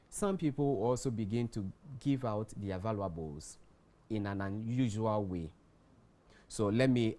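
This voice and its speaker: A man with a Ghanaian English accent, a guest explaining warning signs in a measured way, repeating key words for emphasis. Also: lowish voice, darkish tone. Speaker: guest expert on mental health. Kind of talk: explanatory studio talk.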